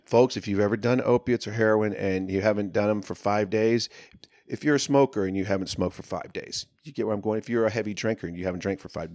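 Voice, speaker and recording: A man telling a long personal story in casual podcast talk, profane and animated, sometimes shouting as he relives moments. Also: fairly low pitch, fairly quick, no room sound, studio quality. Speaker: podcast guest.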